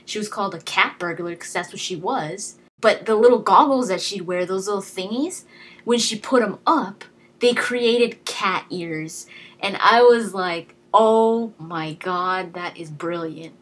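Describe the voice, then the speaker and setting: A woman's voice: medium pitch, a little slow, fairly bright tone, husky. A young woman giving a casual, chatty movie review, enthusiastic and full of fillers and restarts. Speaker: video blogger.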